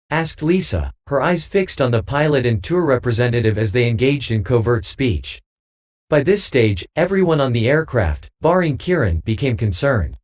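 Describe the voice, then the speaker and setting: Lively male audiobook narrator. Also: medium pitch, moderate pace. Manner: reads with lively dialogue voices.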